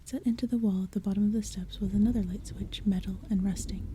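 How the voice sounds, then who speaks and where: Whispered role-play: woman softly reading, dark tone. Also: mid-range voice, fairly even intonation, slight background noise. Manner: soft unvoiced whisper, slow and hushed. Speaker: ASMR audiobook reader. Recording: faint rain sounds behind. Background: soft rain and thunder.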